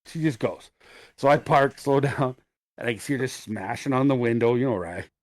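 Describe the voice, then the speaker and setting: A middle-aged man, co-hosting a podcast, tells an animated, profane story in casual chat. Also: medium pitch, moderate pace, no echo. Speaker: podcast co-host.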